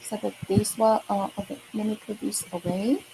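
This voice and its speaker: A woman's voice: mid-range voice, level tone, moderate pace, vocal fry, heavy background noise. A woman teaching a lesson for kids, speaking patiently, repeating words and often checking with "okay?" and "right?". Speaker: Mandarin teacher. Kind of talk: online kids' language lesson.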